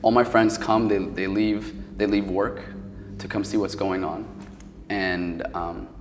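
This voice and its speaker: A man's voice: low-pitched, steady tone, slow pace, in a large hall, slight background noise. A man from New Jersey telling a personal story as a guest, in a casual, emotional way full of "like" and "um". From Paterson, New Jersey. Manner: casual and emotional, heavy with fillers. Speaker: podcast guest.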